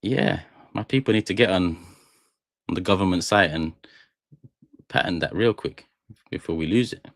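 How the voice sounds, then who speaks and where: A man's voice: low voice, normal speed, pauses often, no echo, studio quality. A young man hosting a fan channel live stream, chatting to viewers in a rambling, jokey way. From England. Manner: rambling, jokey, talks straight to chat. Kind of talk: casual live stream chat. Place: small studio room.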